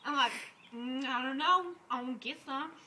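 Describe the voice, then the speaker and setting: A man voicing a brash, crude young woman who laughs through her loud improvised comic story. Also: extremely high pitch, moderate pace, very noisy.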